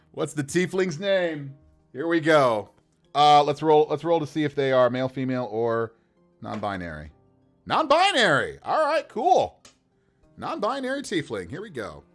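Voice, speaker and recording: Rolling dice to create characters, a male game master chats casually on his livestream, animated and quick to laugh. His pitch sits in the middle, and he keeps a measured pace with long pauses while soft music plays.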